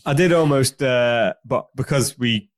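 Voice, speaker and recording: A man's voice: mid-range voice, measured pace, dry recording, clean studio sound. A man co-hosting a podcast in chatty casual talk, often stumbling over his words. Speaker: podcast co-host. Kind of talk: casual chat.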